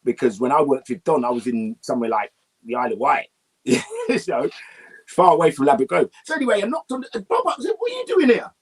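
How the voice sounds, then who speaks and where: Guy spinning a story on an interview, husky voice, pitch jumping all over. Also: quick pace. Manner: lively storyteller, breaks into song and laughs often. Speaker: interview guest. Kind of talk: animated anecdotal storytelling.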